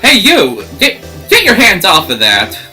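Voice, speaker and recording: A brash, blustery photographer woman , voiced by a man shouts in a put-on Southern drawl for a homemade game dub. Her voice swings wide and high. Game music plays underneath. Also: wildly swooping pitch, a little slow, exaggerated voice. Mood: scolding. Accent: attempted American Southern drawl. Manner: loud, blustery, scolding. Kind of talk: amateur game fan dub.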